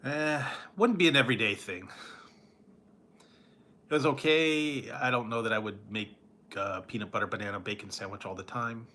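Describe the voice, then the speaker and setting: A man's voice: medium pitch, sharp tone, slight background noise. A tired man rambling and chuckling as he chats casually with viewers on a late-night livestream. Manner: rambling, chuckling often, drawn-out slow delivery. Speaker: food reviewer chatting with live viewers.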